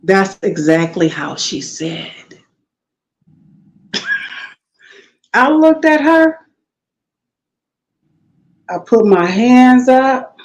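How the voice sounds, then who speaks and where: This middle-aged woman talks very slowly with long pauses, yet she's very animated, her medium-pitched voice carrying a darkish tone over lo-fi sound. As a guest in a relaxed storytelling interview, she laughs a lot and performs the voices of those she quotes.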